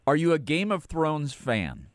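A man's voice: on the high side, wildly swooping pitch, a little slow, dry recording, studio quality. A man hosting a radio show, interviewing a guest in a chatty, easygoing way and laughing often. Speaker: radio host.

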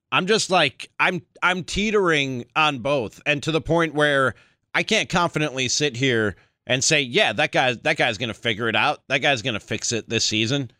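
A man hosting a sports talk radio show, chatty and energetic. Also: mid-range voice, no echo, studio quality. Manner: energetic, chatty, quick to laugh.

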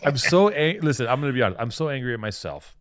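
A man's voice: medium pitch, sing-song, fast talker. A man co-hosting a podcast, trading insults in heated, mock-furious banter full of swearing. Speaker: podcast co-host.

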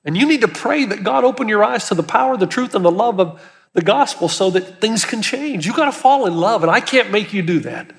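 A man's voice: high-pitched, expressive, brisk, gravelly, in a large hall. A man preaching a sermon as pastor, earnest and emphatic, with urgency that builds as he presses his points.

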